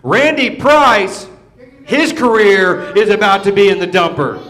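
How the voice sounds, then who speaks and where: A man cutting a wrestling promo as a heel wrestler, taunting and shouting his rant in an arena. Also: high-pitched, lively intonation, a little slow.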